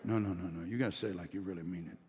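A man's voice: sits low, fairly even intonation, very fast, noisy background. A man preaching a sermon as pastor, leading his congregation in call-and-response with rising, emphatic delivery. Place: church sanctuary. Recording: long reverb of a church hall.

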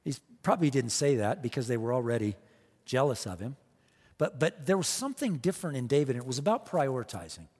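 A man's voice: mid-range voice, animated, fast talker, darkish tone, breathy edge, long reverb tail. A man preaching a sermon, emphatic and repetitive, firing off rhetorical questions to the congregation. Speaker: pastor.

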